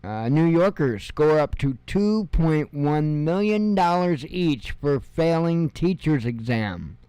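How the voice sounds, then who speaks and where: A man in his fifties reads out news headlines one after another, stopping to toss in sarcastic, chuckling remarks. He talks slowly and unhurriedly, and his voice comes through smooth and clear, recorded dry and close to the mic. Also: on the high side, expressive, warm tone, no room sound. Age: 50s. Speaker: news show host. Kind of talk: casual headline reading with commentary.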